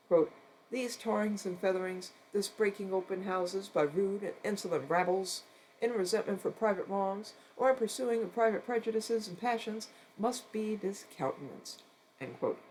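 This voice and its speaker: Here is a streamer doing a cold reading of a non-fiction book, voice of middling pitch for its kind. They read steadily, calling out every "quote" and "end quote," and now and then drop a short wry remark of their own. A faint hum of noise sits under the voice. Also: darkish tone, poor audio. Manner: reads steadily, saying "quote" and "end quote" around quotations; adds brief wry asides between passages.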